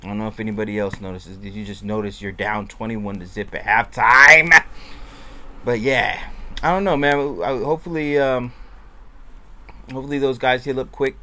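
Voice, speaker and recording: A man giving loose, rambling fan commentary in a casual vlog, moving between deflated and excited. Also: medium pitch, normal speed. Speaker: sports fan vlogger.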